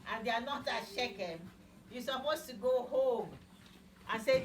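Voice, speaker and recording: Slow-talking woman telling Bible stories. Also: a little high, a bit bright, slight background noise. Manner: slow, simple wording, asks children questions. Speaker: Bible teacher. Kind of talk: Bible storytelling for children. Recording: echoey room, mic far off.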